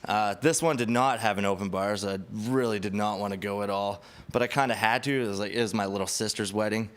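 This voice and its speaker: A man's voice: lowish voice, steady tone, fast talker, clean tone. A man doing a stand-up set on a club stage, rambling and self-deprecating, often laughing at his own jokes. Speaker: stand-up comedian.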